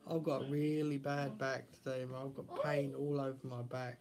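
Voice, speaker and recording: A man's voice: mid-range voice, flat delivery, moderate pace, a crowd in the background. Teasing man streaming live. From Essex, England. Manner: teasing, jokey banter with his kid. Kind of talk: casual live-stream chat.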